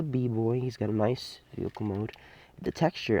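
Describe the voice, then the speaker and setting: A low-voiced man with a gravelly edge talks through a toy review in a loose, off-the-cuff way. He rambles, trails off and restarts often, filling gaps with plenty of "uh"s. His tone stays dark and mellow throughout. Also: big pitch swings, moderate pace. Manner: rambling, hesitant, many fillers and restarts. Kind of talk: casual unscripted toy review.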